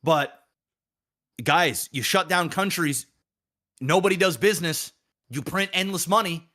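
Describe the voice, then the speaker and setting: Casting: high, bright, animated man, profane podcast ranter. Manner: profane, heated, repetitive. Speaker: podcast co-host. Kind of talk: ranting casual chat.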